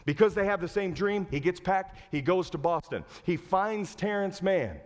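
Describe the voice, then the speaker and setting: A man preaching a sermon as pastor. He retells a story with lively acted-out lines and asks the congregation direct questions. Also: high-pitched, normal speed, big-room sound. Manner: animated storytelling, acting out quoted lines. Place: church sanctuary.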